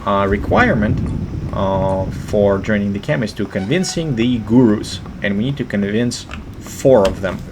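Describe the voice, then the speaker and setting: A man giving monotone, hesitant game walkthrough commentary with many fillers. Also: lowish voice, moderate pace, background noise.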